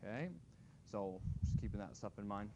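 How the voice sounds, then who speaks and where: A man's voice: lowish voice, steady tone, normal speed, warm tone, muffled recording, slight background noise. A man teaching a math class, talking casually and thinking aloud as he graphs. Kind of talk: classroom lecture.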